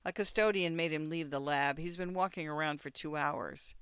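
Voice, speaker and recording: A man narrating an audiobook in a steady, second-person storytelling way. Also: a little high, normal speed, clear, resonant tone, no room sound.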